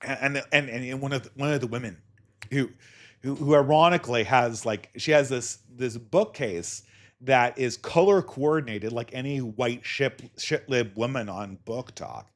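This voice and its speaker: A man's voice: mid-range voice, moderate pace, fairly bright tone. A man hosting a solo podcast, giving sardonic, polemical commentary. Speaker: podcast host.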